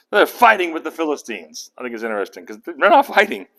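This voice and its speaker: Man, casual Bible study teacher, slightly high voice, very lively intonation, asks questions. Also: moderate pace. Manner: animated, acts out characters' lines; conversational, asks the group questions.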